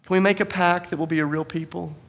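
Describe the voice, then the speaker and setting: A man preaching a sermon as pastor, telling a story earnestly and sometimes dropping to soft, quiet tones. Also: sits high, fairly even intonation, fast. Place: church sanctuary.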